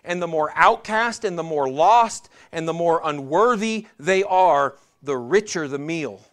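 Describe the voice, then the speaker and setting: A man delivering a sermon in an earnest, direct way, speaking to his congregation as brothers and sisters. His voice sits a little higher than most men's. He often doubles back and restarts phrases as he preaches. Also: lively intonation, a little slow, a bit bright. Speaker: pastor.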